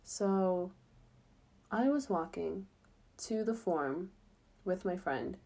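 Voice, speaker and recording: Chatty young woman, mellow voice. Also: on the low side, expressive, takes it slowly. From United States. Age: young adult. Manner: chatty, filler-heavy, upbeat. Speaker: student abroad. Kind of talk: casual vlog chat.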